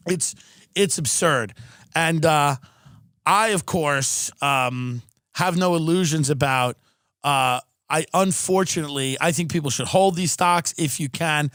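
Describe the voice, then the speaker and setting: A man's voice: on the high side, fairly bright tone, dry recording, studio quality. A male comedian and podcast host delivering a profane, sarcastic political rant.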